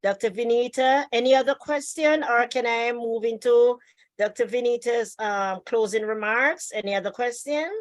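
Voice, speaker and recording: A woman's voice: a little high, normal speed, no echo. Affirming woman host on a dry video call. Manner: affirming, many short agreements. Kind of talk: online interview hosting.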